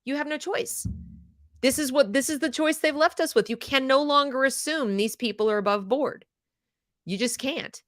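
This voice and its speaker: A woman hosting a live recap talk, telling a personal story in an animated, emphatic and firm way. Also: high voice, moderate pace, dry recording, studio quality. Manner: animated and emphatic, acts out quoted people; firm, indignant. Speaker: podcast host.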